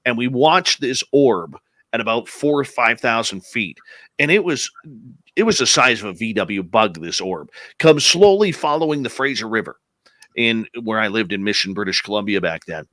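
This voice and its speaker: A man's voice: fairly low pitch, normal speed, no room sound. A man from Canada, a radio host, telling a story in casual chat and quoting the people in it. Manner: animated storyteller, quotes people in his tales.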